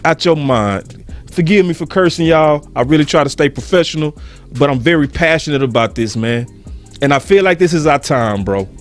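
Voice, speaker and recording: A man's voice: a little high, lively intonation, normal speed, faint music behind. A man from Dallas hosting a sports talk show, ranting with heated emphasis and the odd curse. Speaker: host. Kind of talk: passionate fan-show rant.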